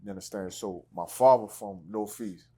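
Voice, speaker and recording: A man from the Washington, D.C. area, a podcast guest talking in relaxed slang. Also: lowish voice, moderate pace. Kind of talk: casual interview chat.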